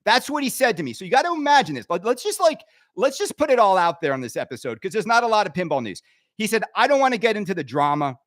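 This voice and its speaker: Brief: middle-aged male host, high voice, bone-dry close sound, heated rambling rant. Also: fast talker, no room sound. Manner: animated, swinging between loud outbursts and quiet asides. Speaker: pinball show host. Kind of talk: ranting monologue.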